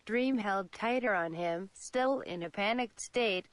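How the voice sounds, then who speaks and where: A young woman in her twenties from Saudi Arabia, reading a fan story aloud in an even, steady way. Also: mid-range voice, measured pace, few pauses, no echo. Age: 20s. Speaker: channel host.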